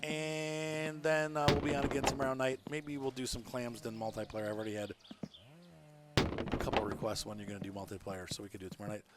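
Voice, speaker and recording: A man's voice: medium pitch, little pitch movement, quick pace. A man chatting his way through a live gameplay stream from home, rambling and laughing often. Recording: loud background noise.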